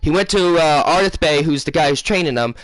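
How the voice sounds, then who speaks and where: A man casually telling his viewers a long dream story, rambling, losing his place and filling pauses with um and uh. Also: a little high, fairly bright tone, no echo. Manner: rambling, loses his place, many fillers. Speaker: gaming channel host.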